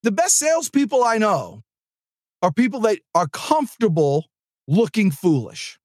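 A man hosting a sales podcast, talking in an energetic, rambling, chatty way with asides to his producer. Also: sits high, a little slow, no echo, studio quality. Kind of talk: casual motivational monologue. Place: studio.

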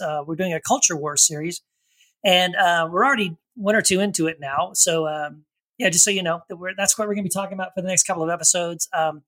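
A man's voice: high voice, pushed and bright, poor audio. A man with a slight Texan accent co-hosting a podcast in casual chat, rambling and correcting himself. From Texas. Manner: rambling, self-correcting, playful. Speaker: podcast co-host.

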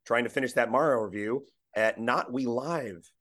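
A man guesting on a podcast, slightly hoarse after losing his voice, who rambles and restarts his sentences. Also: medium pitch, moderate pace, fairly bright tone. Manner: rambling, stops and restarts often. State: recovering from lost voice. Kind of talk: casual chat.

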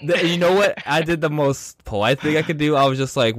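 A man's voice: medium pitch, fast talker, few pauses, no room sound, studio quality. A man hosting a casual podcast, telling workplace stories and acting out the voices of the people in them. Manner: animated, acts out quoted voices. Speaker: podcast host.

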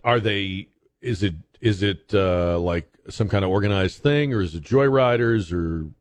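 A man with a fairly low voice hosts a talk radio show from a studio microphone. He talks through the day's stories in a loose, conversational way, often stopping to restart his sentences. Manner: conversational, halting with fillers and restarts.

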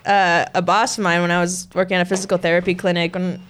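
A woman's voice: lowish voice, quick pace, a little hiss or hum. A young adult woman, a professional fighter, chatting as a podcast guest and laughing often between her stories. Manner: laughs often, relaxed storytelling. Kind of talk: casual interview chat.

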